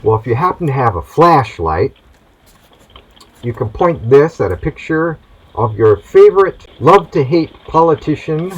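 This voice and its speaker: A man's voice: a little high, sing-song, normal speed, breathy edge, lo-fi sound. A man hosting a comic monologue in a theatrical, hammy mad-doctor persona. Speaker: host.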